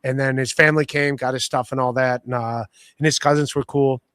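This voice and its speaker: A man's voice: mid-range voice, steady tone, a little fast, fairly bright tone, clear, resonant tone, no echo. Rambling man telling stories, dry sound. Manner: rambling storytelling with many fillers and restarts. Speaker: podcast host. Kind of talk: casual podcast chat.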